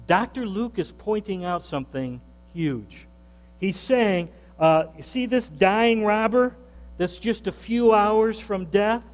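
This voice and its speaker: A male pastor with a high voice delivers an emphatic sermon, taking his time and repeating key phrases. He questions the congregation directly. The sound carries a long hall reverb over a faint mains hum.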